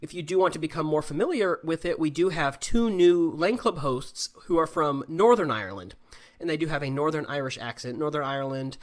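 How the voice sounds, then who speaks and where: American man, English teacher, live Q&A over video call, patient explanations, fairly high voice. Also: lively intonation, a little fast. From United States. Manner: explains patiently, often checks in with "right?". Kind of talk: live online Q&A lesson.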